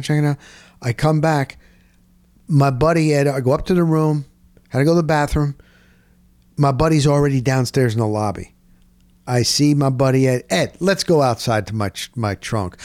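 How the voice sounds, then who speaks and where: A middle-aged man, telling a rambling story in casual chat, dropping "boom" into his sentences. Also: dry recording. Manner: animated, punctuates with "boom". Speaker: sports radio co-host.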